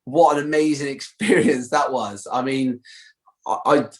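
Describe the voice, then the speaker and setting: A man's voice: medium pitch, a little slow. A man with a Bristolian accent talks loosely and at length as an interview guest. He restarts his sentences often and leans on fillers while he chats. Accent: Bristolian English. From Bristol, England. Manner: chatty, many fillers and restarts. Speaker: guest actor. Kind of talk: casual interview chat.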